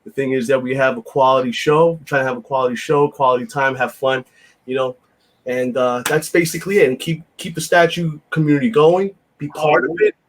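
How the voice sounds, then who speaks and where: A man's voice: mid-range voice, fairly even intonation, a little fast. A man, hosting a casual podcast chat in a blunt, rambling, profane way with lots of fillers. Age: 50s. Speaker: podcast host.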